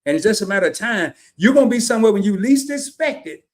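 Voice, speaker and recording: Animated high-voiced male host. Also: quick pace. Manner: animated storyteller, folksy and joking. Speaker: podcast host. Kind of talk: casual interview chat.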